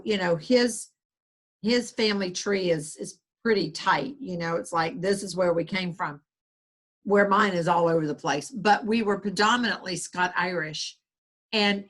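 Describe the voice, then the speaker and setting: Brief: Southern US woman, author guest, earnest, rambling, mid-pitched voice. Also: a bit bright. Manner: earnest, rambling with many restarts. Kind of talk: conversational interview.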